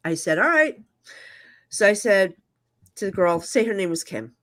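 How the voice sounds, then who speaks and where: A woman guest, a psychic medium, telling stories in a casual interview and acting out the dialogue with quick asides. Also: medium pitch, expressive, fairly bright tone.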